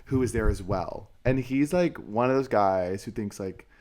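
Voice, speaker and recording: Sassy, low-voiced young man chatting. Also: moderate pace, a little hiss or hum. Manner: sassy and animated, calls others mama and girl, swears freely. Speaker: podcast co-host. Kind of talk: casual chat.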